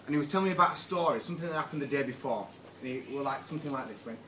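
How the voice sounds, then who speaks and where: A man's voice: on the high side, expressive, racing. Young man giving a joking best man speech. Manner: joking, a little nervous. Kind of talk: wedding speech. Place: wedding reception room with guests. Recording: roomy hall from far off, loud crowd.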